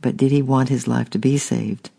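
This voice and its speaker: Guy narrating an audiobook, gravelly voice, kinda monotone. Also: mid-range voice. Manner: steady and unhurried with small restarts.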